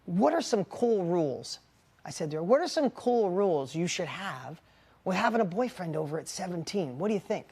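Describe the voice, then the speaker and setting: A middle-aged man coaching a live mastermind group, casual and animated, calling on audience members by name and jumping up in pitch when a story gets exciting. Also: moderate pace, slightly rough. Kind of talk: live motivational talk to an audience.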